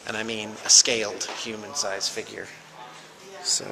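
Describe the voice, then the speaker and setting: A man's voice: on the low side, level tone, measured pace, gravelly, a crowd in the background. A man hosting a tabletop game as game master, chatty and upbeat with many fillers. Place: room around a gaming table. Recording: reverberant room.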